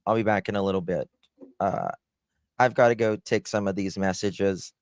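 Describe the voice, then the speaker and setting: Low-voiced male stream host, blunt and sarcastic, cusses freely, dry close sound. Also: fairly even intonation, normal speed, no echo. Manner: blunt, sarcastic, swearing, chatting to viewers. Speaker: live-stream true-crime host. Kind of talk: casual live-stream commentary.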